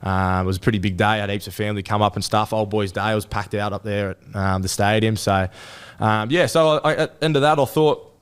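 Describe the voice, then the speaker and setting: Fast-talking young Australian man. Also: on the low side, clean tone. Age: 20s. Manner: rambling storytelling with many restarts and fillers. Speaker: rugby league player guest. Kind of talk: casual interview chat.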